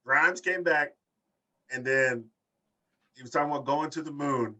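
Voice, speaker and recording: A man co-hosting a casual podcast chat, telling long stories and acting out quotes in animated bursts. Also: unhurried, recorded from a distance, rough recording. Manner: animated storyteller, acts out quotes with big pitch jumps. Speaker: podcast co-host.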